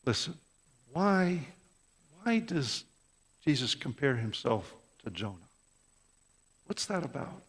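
Male pastor, fervent sermon delivery, mid-pitched, long church reverb. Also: sing-song, slow pace, long pauses, husky. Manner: impassioned, rhetorical questions, repeats words. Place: church sanctuary. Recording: long reverb of a large hall.

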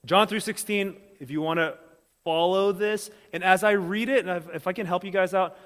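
A man's voice: high-pitched, a bit bright. A man preaching a sermon, casual and conversational, checking in often with his congregation. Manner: casual, talks straight to the congregation with quick check-ins. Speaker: pastor. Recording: long hall reverb.

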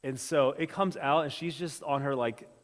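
A man with a slightly high voice delivers a sermon in a big sanctuary, and his words ring out with a long reverb. He preaches casually and keeps checking that his listeners are following. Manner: casual, talks straight to the congregation with quick check-ins. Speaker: pastor.

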